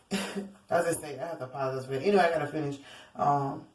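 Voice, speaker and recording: A woman's voice: low voice, steady tone, very fast, darkish tone. A woman giving a casual tarot reading to her viewers, rambling and theatrical, often calling them y'all. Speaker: tarot reader. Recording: roomy echo, distant from mic.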